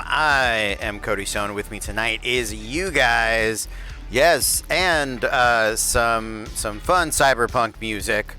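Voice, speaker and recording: Slow, bright-voiced man hosting a stream. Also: mid-range voice. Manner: relaxed and rambling, with frequent restarts and fillers; says he has his announcer voice on. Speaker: host and game master of a PvP league stream. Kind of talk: livestream talk, reviewing rules. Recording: faint background music.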